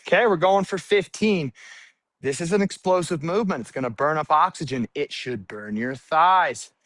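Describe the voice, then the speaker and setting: A male fitness coach talks people through a bodyweight workout while doing it himself. His voice sits high, and he counts reps and calls out cues, sometimes short of breath. The sound is dry and close. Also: a bit bright, no room sound. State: out of breath at times. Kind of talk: live workout instruction.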